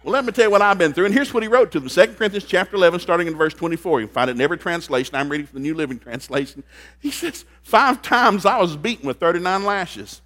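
A man's voice: animated, fast. Folksy joking preacher man. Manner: folksy, joking, swings from low asides to loud outbursts. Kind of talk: comedic sermon. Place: church service.

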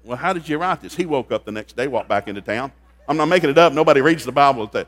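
A man preaching a sermon in a folksy, joking way, dropping into low asides and then rising into loud outbursts. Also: animated, fast talker. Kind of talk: comedic sermon. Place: church service.

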